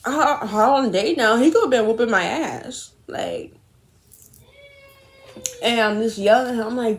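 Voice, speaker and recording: A young woman telling a rambling, animated story while doing her makeup, swearing often and correcting herself as she goes. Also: on the high side, a little slow, pauses often.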